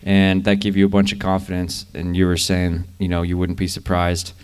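A young man, a guest at a live interview, telling a story in an easygoing, relaxed way. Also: sits low, moderate pace, clean tone. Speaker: guest climber.

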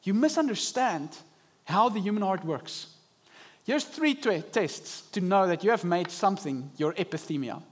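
Young guy preaching at church, kinda high voice, gets animated and acts out what people think. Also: moderate pace, husky. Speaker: pastor. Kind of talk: sermon. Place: church service.

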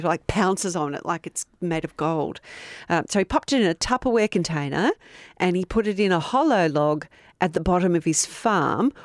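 A woman's voice: lowish voice, no echo, clean studio sound. A woman co-hosting a podcast, telling a story in a playful, chatty way. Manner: playful, puts on mock voices in quotes. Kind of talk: casual storytelling chat.

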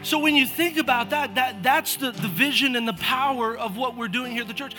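A man preaching a lively sermon as pastor of a church, energetic and calling out churchgoers by name with repeated urging. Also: extremely high pitch, brisk, faint music behind. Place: church auditorium.

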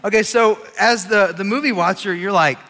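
A man preaches in a lively, chatty way and keeps checking in with the crowd. His voice is bright and rather high, and long reverb from a large church hall rings behind it. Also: moderate pace. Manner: animated, chatty, audience-engaging. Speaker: college ministry preacher. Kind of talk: casual sermon with storytelling.

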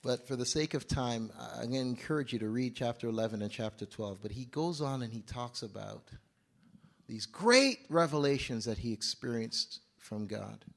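A man preaching a live sermon to a congregation, moving from low asides to loud outbursts and often asking the audience questions. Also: animated, normal speed, creaky. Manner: conversational, asks the audience questions. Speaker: pastor. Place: church service.

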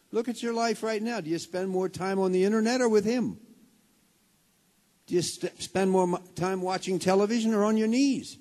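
Heard with a long hall reverb, this man's high, steady voice carries a sermon he preaches as pastor of a congregation. His delivery rises fervently, beginning quiet and slow before swelling to loud, impassioned preaching.

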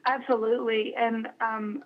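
A young woman being interviewed as a guest, speaking warmly and haltingly with many fillers and restarts. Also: a little high, flat delivery. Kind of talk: casual interview. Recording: dull lo-fi recording.

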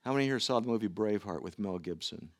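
A middle-aged man preaching a sermon to his church, earnest and given to halting restarts. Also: fairly low pitch, expressive, no room sound. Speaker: pastor.

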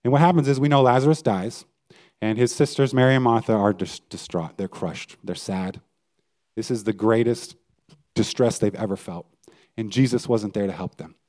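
A man's voice: fairly low pitch, moderate pace, darkish tone. A male pastor giving a conversational sermon and putting questions to his listeners. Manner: conversational preaching, asks the audience questions.

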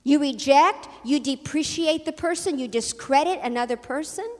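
A high-pitched woman preaching a sermon with lively emphasis, acting out the people she quotes. Her voice carries a long hall reverb. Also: normal speed. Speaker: pastor.

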